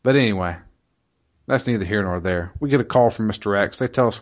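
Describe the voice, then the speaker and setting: A man's voice: lowish voice, fairly quick. A man co-hosting a podcast, casually retelling a video game's story, rambling, swearing freely and laughing often. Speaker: podcast co-host recapping a game.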